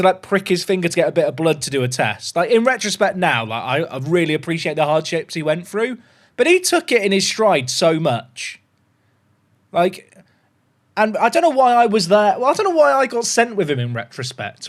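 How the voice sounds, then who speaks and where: A man chatting casually on a gaming livestream, excitable and rambling. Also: high voice.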